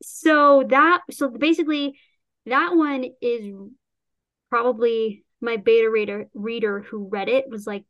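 A woman author chats casually about her novel, rambling and restarting, acting out quotes and laughing often. Her voice is a little high and unhurried with fairly even intonation, and the recording's highs are cut off.

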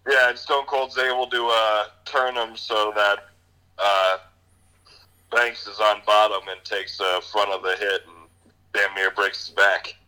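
Male co-host, low pitch, bright tone, brief deadpan interjections. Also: unhurried, clean tone, low-quality recording. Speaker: podcast co-host. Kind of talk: casual chat.

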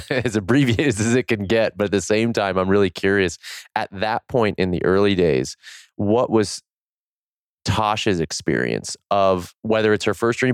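Deep, smooth-voiced male podcast host. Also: no room sound, studio quality. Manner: thoughtful, long winding questions. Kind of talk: interview questions.

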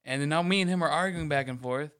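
A man's voice: fairly high pitch, quick pace, fairly bright tone, clear, resonant tone. A man telling a rambling workplace story in casual chat, swearing freely and acting out what others said. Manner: mimics others in quoted lines. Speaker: podcast co-host.

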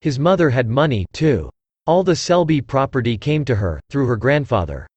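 A synthesized male voice reading the part of a gruff, blustering old aristocratic uncle who grumbles bluntly. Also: mid-range voice, sing-song, normal speed, a little mellow, no room sound, lo-fi sound. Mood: grumbling. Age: older.

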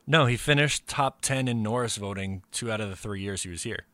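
A man's voice: fairly low pitch, brisk, bright, forceful tone, no room sound. A man co-hosting a sports podcast, easygoing and agreeable, full of fillers. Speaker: podcast co-host. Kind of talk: casual sports chat.

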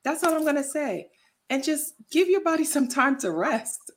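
Animated woman telling lively stories. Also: high-pitched, normal speed. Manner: animated storytelling, acts out quotes. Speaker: guest, plant-based lifestyle influencer. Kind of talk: casual podcast chat.

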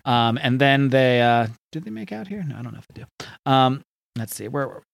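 A man's voice: mid-range voice, expressive, brisk, gravelly. A man casually recapping a story, rambling with many fillers and restarts, often laughing.

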